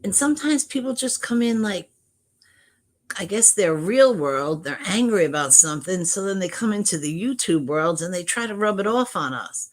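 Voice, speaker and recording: A woman's voice: medium pitch, expressive, moderate pace. A middle-aged woman chatting casually on her livestream, greeting viewers from chat and talking with frequent restarts. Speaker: livestream host. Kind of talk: casual live-stream chat.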